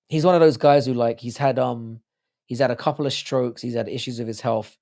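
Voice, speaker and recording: A man's voice: medium pitch, vocal fry, darkish tone. A man hosting a livestream, rambling profanely in casual chat and reading out viewer comments. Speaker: livestream host.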